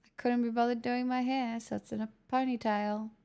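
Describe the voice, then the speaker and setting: A woman's voice: a little high, flat delivery, a little fast, mellow, clean tone. A woman hosting a casual live stream, chatting with viewers and answering their comments. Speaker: host.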